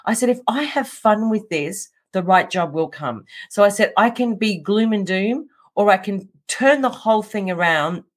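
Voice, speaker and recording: Animated woman telling a story. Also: mid-range voice, moderate pace, few pauses. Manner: animated, laughs often, acts out quotes. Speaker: guest. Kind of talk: casual storytelling interview.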